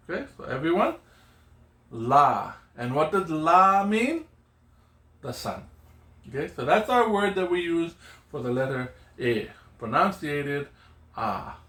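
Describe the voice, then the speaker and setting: Middle-aged male teacher, slow and patient, slightly high voice, echoey classroom sound. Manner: patient, repeats words and prompts with "okay?" and "yeah?". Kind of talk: teaching Hawaiian pronunciation to children. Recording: echoey room.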